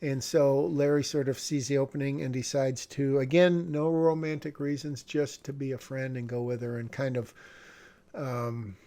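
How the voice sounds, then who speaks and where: A man's voice: mid-range voice, flat delivery, moderate pace, warm tone. A male screenwriter talking casually through his own script, rambling and correcting himself with wry asides.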